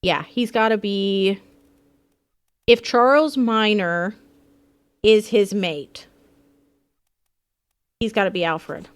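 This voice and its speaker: Slow-talking playful woman streamer. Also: mid-range voice, clear, resonant tone. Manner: playful, chatty, swears freely. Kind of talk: casual live gameplay commentary.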